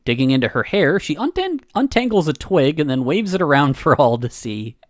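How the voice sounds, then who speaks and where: A woman's voice: low voice, sing-song, brisk, no echo. A woman streamer reading a narrative game aloud, giggling and reacting between lines.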